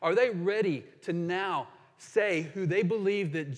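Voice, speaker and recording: A man delivers a sermon from the pulpit, his voice sitting a little higher than most men's. He speaks with earnest emphasis and leans into quoted passages, while a long reverb trails behind every phrase in the large room. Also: measured pace. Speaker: pastor.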